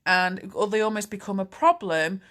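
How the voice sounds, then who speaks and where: A woman's voice: mid-range voice, steady tone, moderate pace, a bit bright. A woman, a life coach answering viewer questions in a candid, chatty, reassuring live Q&A. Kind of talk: live Q&A chat.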